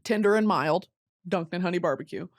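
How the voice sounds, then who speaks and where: Fairly quick and lowish in tone, this young woman's voice carries a comedic storytelling podcast she hosts. She curses and laughs often and does impressions of other people.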